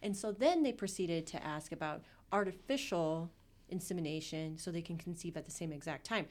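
Lower-pitched woman telling stories animatedly. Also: a little fast. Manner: animated storytelling, swearing, acting out quotes. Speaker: podcast co-host. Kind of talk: casual chat.

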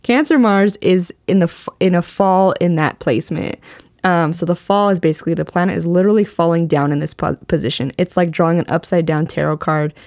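A woman's voice: fairly low pitch, a little fast, a little mellow, no room sound, clean studio sound. A young woman co-hosting a podcast, explaining astrology in a rambling casual way with many restarts and frequent laughs. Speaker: podcast co-host. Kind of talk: casual chat about astrology.

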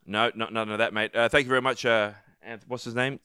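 A man's voice: medium pitch, steady tone, fast talker, sharp tone, clean tone, no echo, studio quality. A young man, casually chatting and swearing as a podcast co-host, rambling through stories. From New Zealand. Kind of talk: casual chat.

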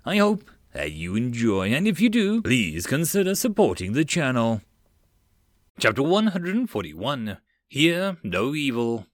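A man reading a web novel aloud as an audiobook narrator, going straight through the text and lifting his pitch for quoted lines. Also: fairly bright tone, dry recording, clean studio sound.

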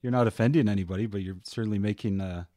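A man's voice: fairly low pitch, rapid-fire, dark tone, no echo, clean studio sound. A man hosting a casual podcast interview, joking and rambling with frequent laughs. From Manitoba, Canada. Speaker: podcast host.

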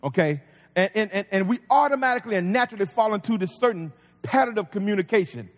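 A man's voice: high-pitched, expressive, quick pace. A man preaching a sermon as pastor, folksy and conversational with humor. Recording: long reverb of a large hall.

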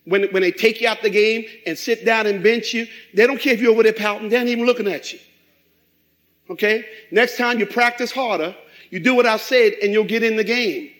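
High-voiced man preaching with animated fervor. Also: a little fast, low-quality recording. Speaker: pastor. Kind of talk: sermon.

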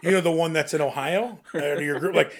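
A man's voice: a little high, fairly quick. Laughing young man telling stories. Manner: laughing, animated anecdotes with quoted voices. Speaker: podcast co-host. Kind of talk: casual chat, storytelling.

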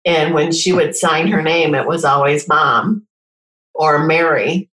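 A woman's voice: low voice, slow pace, fairly bright tone, roomy sound, poor audio. A middle-aged woman telling personal stories in a casual conversation, earnestly acting out the dialogue. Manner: earnest storytelling, acts out quoted dialogue. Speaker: guest sharing personal stories.

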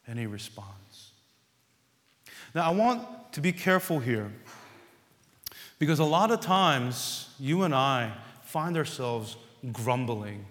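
A man preaching a sermon as pastor, earnest and repetitive, building to loud emphasis on key words. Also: medium pitch, long reverb tail.

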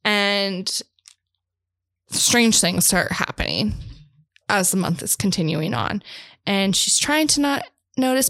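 A woman co-hosting a casual bookstore podcast, playful and quick to laugh. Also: medium pitch, a bit bright. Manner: bubbly, giggly, playful. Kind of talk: casual chat.

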